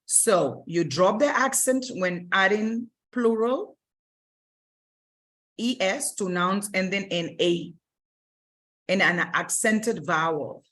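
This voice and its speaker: A woman's voice: medium pitch, takes it slowly, long pauses, fairly bright tone. A woman teaching Spanish grammar in a recorded lesson, explaining patiently step by step and often stopping to rephrase.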